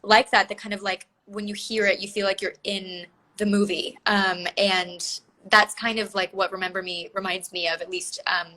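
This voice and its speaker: A woman's voice: medium pitch, flat delivery, moderate pace, sharp tone, poor audio. A young woman in her twenties chatting as a guest in a casual live-stream interview, full of filler words. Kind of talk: casual video-call interview. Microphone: phone or video call.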